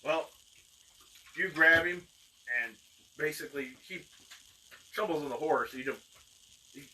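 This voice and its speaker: A man runs a tabletop game, narrating in a rambling way with many fillers and sudden acted shouts. His voice is bright and sharp at a middle pitch. He is heard from a distant mic with a faint hiss. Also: measured pace. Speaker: game master.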